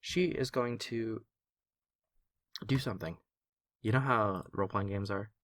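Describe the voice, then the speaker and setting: A man's voice: on the low side, unhurried, fairly bright tone, no room sound. Laid-back male game master, dry sound. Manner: laid-back, joking, talks through rulings aloud. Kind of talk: running a tabletop game, casual chat.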